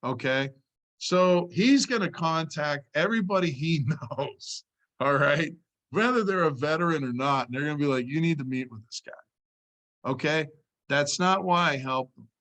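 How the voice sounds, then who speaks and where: A man's voice: a little high, lively intonation, moderate pace, a bit bright. Man telling a sales story, casual and punchy. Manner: storytelling, says "all right" often. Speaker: insurance sales trainer. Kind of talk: casual training talk.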